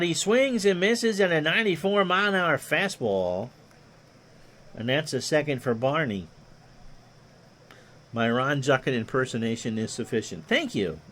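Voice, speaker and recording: A man doing play-by-play for a replayed baseball game, reading stats and joking with chat between plays. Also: on the high side. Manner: reads stats in a steady run, jokes with chat between plays. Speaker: play-by-play announcer.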